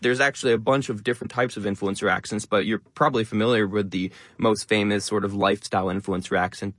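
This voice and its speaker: A young man talking fast and stressing many words as a content creator guest in an interview. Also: on the low side, fairly even intonation, fairly bright tone, no room sound, studio quality. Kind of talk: interview conversation.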